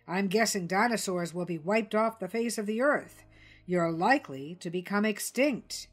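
A woman voicing Dilly, a calm, persistent jungle news creature who presses her points. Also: medium pitch, normal speed, faint music behind, close to an everyday voice. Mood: pointed.

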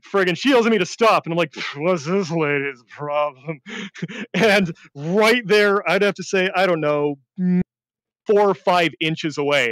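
A man, a veteran, telling war stories in a rambling casual chat, often laughing and swinging between deadpan and excited. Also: a little high, clear, resonant tone, dry recording. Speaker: veteran storyteller.

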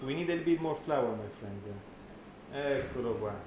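A man's voice: mid-range voice, animated, brisk, reverberant, background noise. A man with an Italian accent hosting a live cooking class, joking and exclaiming in Italian.

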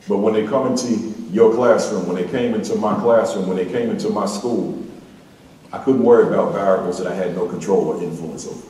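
A man's voice: lowish voice, a little fast, a little mellow. A man giving a motivational keynote speech to school staff, emphatic and repetitive, leading the audience in call-and-response chants. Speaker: motivational speaker at a school staff opening meeting. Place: large hall or auditorium. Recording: echoey hall, mic far off.

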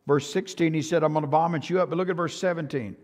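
An older man with a Texan accent preaching a sermon as pastor, swinging from hushed to loud and often repeating himself. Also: a little high, fairly even intonation, quick pace. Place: church sanctuary. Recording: long church hall reverb.

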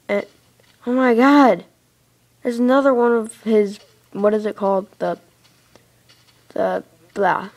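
A woman talks her way casually through a building game, rambling and giggling, then breaking into excited squeals. Her middle-pitched voice has a gravelly fry to it. She sits in a dark room, picked up by a tablet's built-in mic. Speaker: let's play host. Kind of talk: casual gameplay commentary. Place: dark room, sitting in a big armchair. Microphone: tablet microphone.

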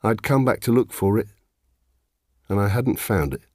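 A man's voice: fairly low pitch, moderate pace, a little mellow, dry recording, clean studio sound. A middle-aged man narrating in the first person, wry, reflective and plain-spoken.

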